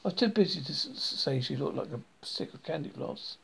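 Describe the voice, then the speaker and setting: A man's voice: fairly high pitch, expressive, brisk, creaky, fairly bright tone, husky. A man reading a comic diary novel aloud, with frequent slips and restarts. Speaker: reader.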